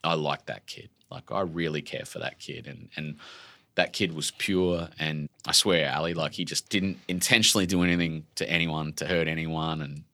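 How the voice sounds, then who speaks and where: An Australian man in his forties, an author talking openly and emotionally in a relaxed interview, animated and full of casual slang. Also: a bass voice, moderate pace, dry recording. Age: 40s. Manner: emotional, animated storyteller, laid-back slang. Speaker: author guest.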